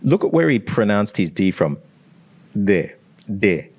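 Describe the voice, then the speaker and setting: A man's voice: lowish voice, big pitch swings, fairly quick, darkish tone. An Australian man working as a language coach, explaining pronunciation and demonstrating sounds aloud in a teacherly way. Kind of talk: explanatory analysis.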